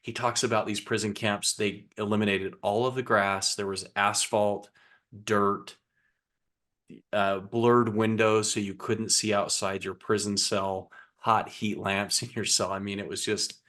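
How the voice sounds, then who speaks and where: A man with a fairly low voice and a bright, forceful edge chats on a book podcast. His humor is dry and sarcastic, and his delivery is casual. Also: flat delivery, measured pace. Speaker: podcast co-host.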